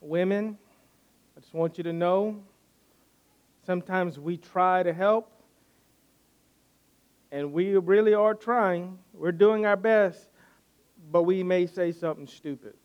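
Earnest male preacher, slightly high voice. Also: takes it slowly, pauses often, clean tone, highs cut off. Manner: earnest, repeats phrases for emphasis. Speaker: pastor. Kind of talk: sermon.

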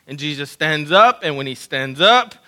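A man preaching a sermon as pastor, earnest, often restarting and repeating words, moving between hushed, low passages and loud, emphatic stretches. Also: animated, moderate pace, poor audio.

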